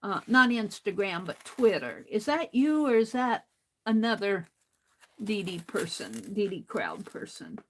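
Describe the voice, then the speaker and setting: A woman's voice: medium pitch, very animated, unhurried, a bit bright, slight background noise, low-quality recording. An older woman hosting a crafting livestream, talking to herself as she works and chatting with viewers, laughing often. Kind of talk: casual crafting chat while reading viewer comments.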